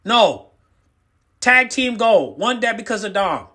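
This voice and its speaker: A man's voice: high-pitched, sing-song, slow, pushed and bright. A man giving ranting reaction commentary as a YouTube host, emphatic and repetitive, hammering the same words over and over. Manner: fired-up, lecturing the viewer.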